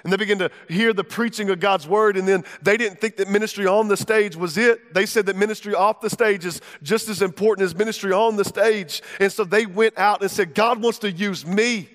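High-voiced preacher in a reverberant hall. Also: male voice, steady tone, a little fast, few pauses. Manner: fervent, conversational preaching with direct questions to the crowd. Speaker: pastor. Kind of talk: sermon.

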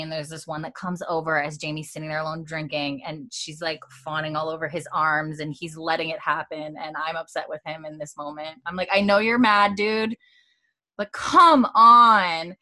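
Woman co-host, lowish voice, animated recap with quick character voices. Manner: acts out characters' lines in quick voices, swears, laughs. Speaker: podcast co-host recapping a TV episode. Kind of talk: casual chat, animated retelling.

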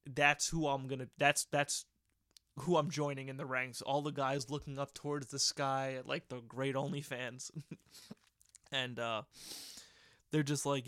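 A man's voice: mid-range voice, fairly bright tone, no echo, studio quality. A young man hosting a casual solo podcast from his old bedroom, rambling and joking crudely and laughing at his own stories. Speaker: podcast host.

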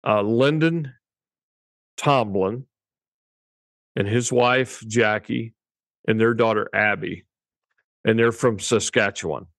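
Low-voiced man telling a rambling story. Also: takes it slowly, creaky, pauses often, a bit bright, no echo. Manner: rambling storyteller, chuckles often. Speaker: podcast co-host and cattle breeder. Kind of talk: casual chat.

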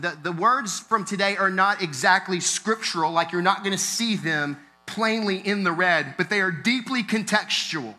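High, bright-voiced man preaching a sermon. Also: low-quality recording. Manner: earnest preaching, rising to emphatic intensity. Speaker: pastor.

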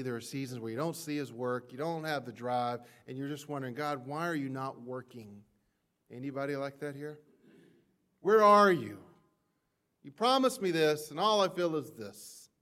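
A pastor with a mid-range voice preaches a sermon to his congregation. He presses hard on key words and swings from loud peaks down to near-whispers. He also voices his listeners' doubts by acting them out as quoted prayers.

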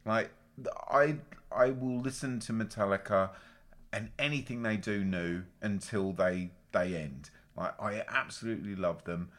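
A man co-hosting a casual podcast chat, sweary, teasing and animated. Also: lowish voice, measured pace. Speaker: podcast co-host.

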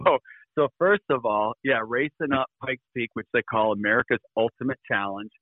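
A man, a guest in a radio interview, telling a personal story in an animated way and laughing between lines. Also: medium pitch, normal speed, no room sound, narrow, tinny audio.

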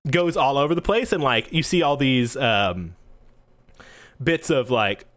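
A man's voice: mid-range voice, lively intonation, a little slow, a bit bright. A man running a tabletop role-playing game as game master, rambling through descriptions with lots of fillers and restarts and frequent laughter.

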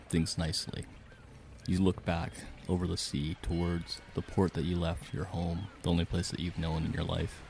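A man's voice: low voice, creaky, darkish tone, a little hiss or hum. A man narrating a tabletop game as game master in a dramatic storytelling manner.

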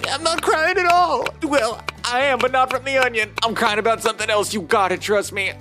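A man's voice: fairly high pitch, lively intonation, moderate pace, music in the background, natural voice. A man playing a weepy hybrid farmer who rambles and bursts into curses while hawking his onions in a comedy sketch ad. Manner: tearful, rambling, cursing outbursts.

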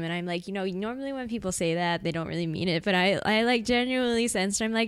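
A woman's voice: mid-range voice, quick pace, few pauses, clear, resonant tone, no room sound, studio quality. A woman co-hosting a casual podcast chat about manga, chatty and acting out quotes. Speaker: podcast co-host.

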